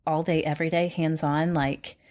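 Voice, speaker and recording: A woman's voice: deep voice, flat delivery, normal speed, a little mellow. A woman in her thirties hosting a podcast interview, chatty and encouraging. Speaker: podcast host.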